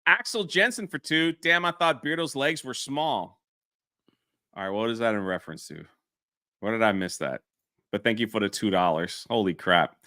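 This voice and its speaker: A man co-hosting a livestream who keeps breaking into laughter as he reads donor names, his voice swinging high and low and bright. The sound is dry and close, with no room echo. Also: animated, normal speed. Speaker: livestream co-host reading super chats. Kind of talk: casual livestream chat.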